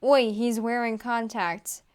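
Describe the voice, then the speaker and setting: A woman's voice: mid-range voice, normal speed, clean tone, close to an everyday voice. A woman voicing a self-pitying male ogre in a read-aloud story, keeping close to her own voice. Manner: read aloud in near-natural voice.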